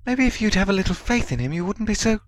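A man's voice: high-pitched, animated, fast talker, dry recording, pitched above the performer's own voice. A man voicing an earnest teenage schoolgirl who insists on her point. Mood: insistent.

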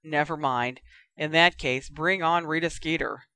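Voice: medium pitch, steady tone, a little slow, pushed and bright, clear, resonant tone, no echo. A reader voicing a sick, weary teenage boy who mumbles his words. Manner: weak, mumbling.

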